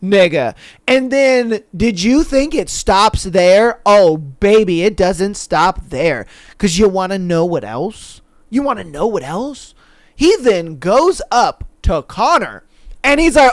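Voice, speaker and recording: A man's voice: high voice, animated, measured pace, no room sound, clean studio sound. A man hosting a podcast, giving a casual, profane, slang-heavy recap and mimicking the people he talks about. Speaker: podcast host.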